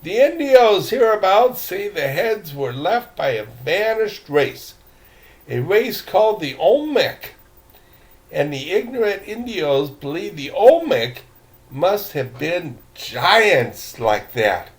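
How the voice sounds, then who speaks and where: Older man doing a scornful guide who lectures slowly and with disdain, slightly high, lively delivery. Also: full character voice. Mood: disdainful. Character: haughty disdainful male jungle guide.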